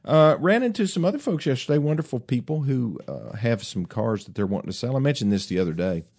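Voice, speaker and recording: A man's voice: mid-range voice, very animated, fast, darkish tone. A man in his fifties hosting a show, chatting casually and folksily, rambling with fillers and restarts. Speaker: host. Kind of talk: casual chat.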